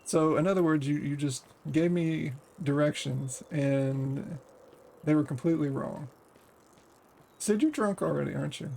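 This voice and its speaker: A man hosting a let's play, chatting casually over the game with dry, teasing remarks. His voice sits a little high, and faint noise hums underneath. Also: unhurried, gravelly, darkish tone.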